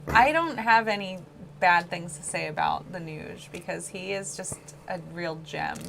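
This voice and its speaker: A woman co-hosting a casual hobby chat, teasing playfully with quick jokes and laughs. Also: fairly low pitch, vocal fry, a bit bright, a little hiss or hum. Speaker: co-host.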